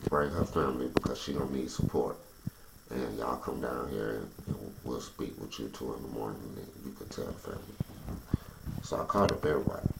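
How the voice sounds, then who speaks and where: A man's voice: a bass voice, gravelly. A man in telling a painful personal story as emotional testimony, his delivery intense and building to agitated outbursts. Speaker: storyteller recounting personal experience. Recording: echoey room with faint background noise.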